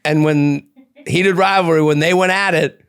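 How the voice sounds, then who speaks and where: A man hosting a comedy podcast, chatting casually and playfully, often breaking into high laughter. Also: fairly even intonation, normal speed, a bit bright, clear, resonant tone. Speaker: podcast host.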